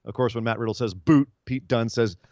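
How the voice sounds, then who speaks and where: Podcast co-host, male, mid-pitched, rambling recapper on a dull dry mic. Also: little pitch movement, a little mellow, no room sound. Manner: rambling, retells comedy segments with quick voiced asides. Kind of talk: casual wrestling recap chat.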